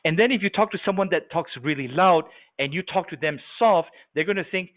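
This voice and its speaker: A man leading a live sales training webinar, animated and coaching, often checking that his audience follows. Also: high voice, a little fast, few pauses. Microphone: video call. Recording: tinny phone-like webinar audio.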